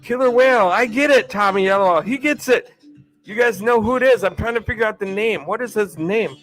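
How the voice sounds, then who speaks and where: A man's voice: high-pitched, a little fast, a bit bright, faint music behind. A man hosting a live stream, chatting in an upbeat way and thanking viewers. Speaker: livestream host.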